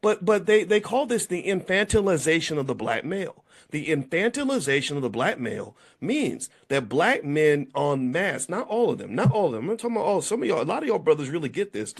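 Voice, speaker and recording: Animated man in his fifties, storytelling. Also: fairly quick, creaky, few pauses. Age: 50s. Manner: animated storytelling, acts out quotes with big pitch jumps. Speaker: commentator. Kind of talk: casual monologue to camera.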